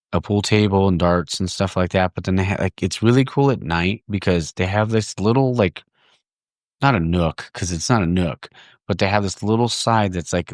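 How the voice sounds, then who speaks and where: A man's voice: low-pitched, dry recording, clean studio sound. A man hosting a podcast in casual chat, laid-back and rambling with lots of fillers. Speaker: podcast host.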